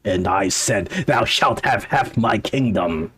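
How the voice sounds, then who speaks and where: A man's voice: on the low side, slow, bright, forceful tone, husky, voice pushed down, heavily acted. A man voicing a mad old male dwarf who believes he is a king, speaking in archaic, theatrical lament.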